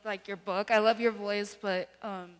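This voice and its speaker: Teary woman asking a halting question. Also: mid-range voice, little pitch movement. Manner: halting, apologetic, many fillers. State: teary, close to crying. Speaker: audience member asking a question. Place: large hall. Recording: long hall reverb.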